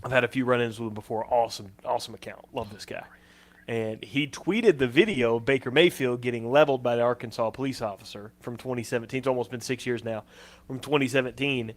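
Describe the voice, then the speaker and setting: A man's voice: mid-range voice, quick pace. Easygoing man telling sports stories. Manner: easygoing storyteller. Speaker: co-host. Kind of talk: casual sports chat.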